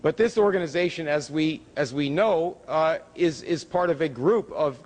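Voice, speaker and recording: A man giving a public lecture with slides, emphatic, with pitch rising on key words. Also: normal speed, darkish tone. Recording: hall reverb from a lecture room.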